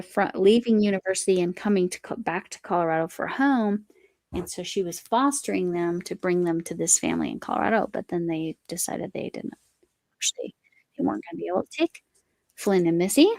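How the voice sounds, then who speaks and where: A woman's voice: on the low side, moderate pace, a little mellow, no room sound. A woman hosting a casual live chat while she crochets, reading viewer comments aloud and talking to her cat. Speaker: livestream host.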